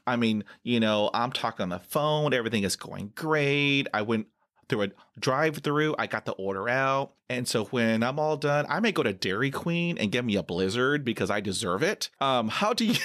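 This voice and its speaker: A man hosting an interview, talking with a stutter, with frequent repeated sounds and easy laughter. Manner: stutters with blocks and repetitions, laughs often; slow, animated, pitch jumps when laughing. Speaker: podcast host. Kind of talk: conversational interview.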